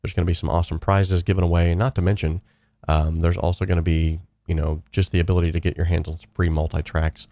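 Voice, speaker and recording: A deep, mellow-voiced young man rambles through a casual live stream from his home studio, with lots of fillers and restarts. The sound is dry and close, with no room around it. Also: level tone, fast talker, dry recording. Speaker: host.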